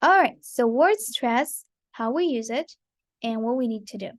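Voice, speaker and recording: Female pronunciation teacher, slightly high pitch, keeps checking in with her class, recorded dry and close. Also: lively intonation, unhurried, no room sound. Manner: repetitive, checks in often with "okay" and "right". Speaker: English teacher. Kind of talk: online pronunciation lesson.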